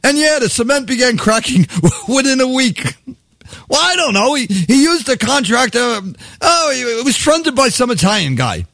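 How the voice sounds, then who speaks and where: A man's voice: extremely high pitch, very animated, normal speed, fairly bright tone, dry recording, clean studio sound, pitched above the performer's own voice, full character voice. A man voicing God as a chummy, profane deity with a Brooklyn accent, chatting on the phone. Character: God, brash fast-talking deity on the phone.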